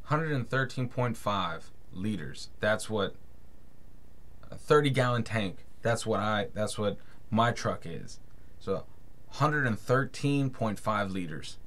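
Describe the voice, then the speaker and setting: American dude reacting to a video, laughing a lot, voice swings all over. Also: male voice, lowish voice, takes it slowly. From United States. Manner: excitable, laughing, exclamatory.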